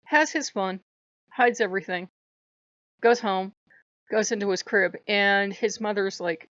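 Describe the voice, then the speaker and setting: Woman retelling myths, irreverent and lively, dull dry sound. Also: medium pitch, measured pace, long pauses, no room sound. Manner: animated, irreverent, laughs often. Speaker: channel host. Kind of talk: casual mythology storytelling.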